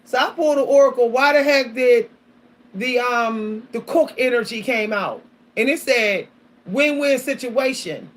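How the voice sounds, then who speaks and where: A woman vlogger tells her audience about her week in a loose, animated chat. She repeats herself, keeps calling out to her viewers and breaks into laughter as she goes. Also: on the high side, unhurried. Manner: animated, repetitive, addresses viewers as y'all, laughs often. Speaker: spiritual vlogger.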